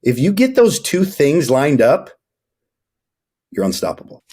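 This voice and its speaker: A man's voice: fairly high pitch, wildly swooping pitch, measured pace, darkish tone, slightly rough. A young man coaching fathers as a podcast guest, talking emphatically and preachily. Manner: emphatic, preachy, acts out scenes. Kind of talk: motivational interview talk.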